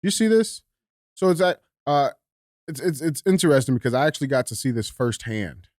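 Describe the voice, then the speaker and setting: A man's voice: mid-range voice, fairly quick, no echo, studio quality. A man co-hosting a podcast, chatting casually and reading news headlines aloud. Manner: relaxed, chatty, fillers between read-out lines. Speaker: podcast co-host.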